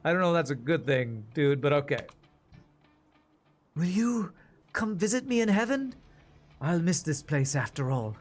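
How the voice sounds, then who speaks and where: An anxious young demon queen from a video game, as a man puts her on, pitched high and full of questions about herself. Her lines rise with uncertainty and quiet doubt. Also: big pitch swings, normal speed, pauses often, soft background music. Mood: hesitant.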